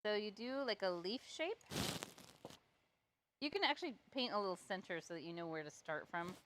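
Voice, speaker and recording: A painting instructor leads a step-by-step live art tutorial, chatty, playful, and self-deprecating while she works. Her mid-range voice is animated at a moderate pace, against a noisy background.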